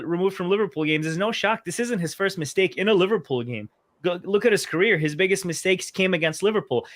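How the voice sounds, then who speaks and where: A man's voice: sits high, bright, forceful tone. A man co-hosting a fan podcast in casual chat, ranting with animation and acting out quotes in mock voices. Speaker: podcast co-host.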